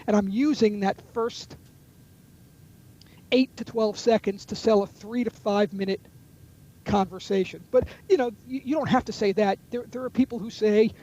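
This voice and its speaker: A man's voice: high voice, normal speed, dark tone, highs cut off. A man who trains salespeople, explaining call techniques in a webinar with a confident coaching manner. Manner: coaching, confident, acts out sample phone calls. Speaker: sales trainer and author, guest. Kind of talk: webinar explanation with role-played call examples.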